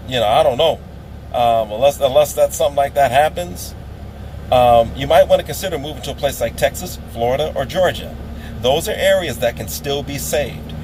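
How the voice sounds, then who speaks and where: A man's voice: mid-range voice, noisy background. A man delivering a preachy, emphatic political rant to camera, repeating phrases for effect. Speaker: political vlogger.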